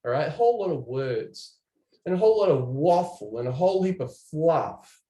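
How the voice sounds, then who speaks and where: Guy doing an online training talk, kinda high voice, animated and chatty, echoey room. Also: moderate pace. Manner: animated, chatty, addresses viewers in the chat. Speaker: presenter.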